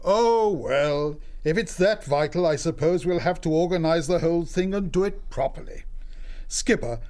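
A man plays a gentle old abbot from a woodland storybook, mild and kindly. His voice sits a little high for a man and he speaks in an easygoing, unhurried way. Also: expressive, close to an everyday voice.

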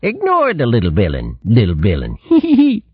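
A man's voice: medium pitch, huge pitch swings, normal speed, breathy edge, no echo, lo-fi sound, voice pushed up. A man voicing a nasty young water rat who mimics others in a sing-song voice with tittering. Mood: mocking.

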